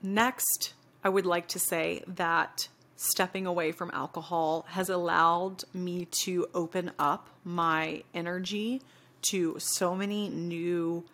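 A woman's voice: fairly low pitch, steady tone, slow pace, a bit bright. A young adult woman hosting a solo podcast, talking in an earnest, reflective and casual way with many "you know" fillers. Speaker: podcast host.

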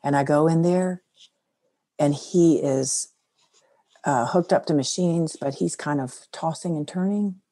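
A middle-aged woman with a low, deep-set voice tells a personal story in an interview. She is earnest and soft-spoken, and her voice drops quietly at the serious parts. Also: unhurried. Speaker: guest.

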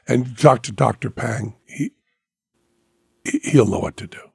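A man voicing a stern, urgent middle-aged male doctor, speaking low, blunt and insistent. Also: expressive, unhurried, creaky, slightly rough, dry recording, heavily acted.

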